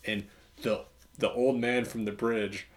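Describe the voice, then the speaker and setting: A man chatting casually with a friend about a movie, animated and quick to laugh. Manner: animated, jumps into high-pitched impressions when laughing. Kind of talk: casual chat reviewing a movie.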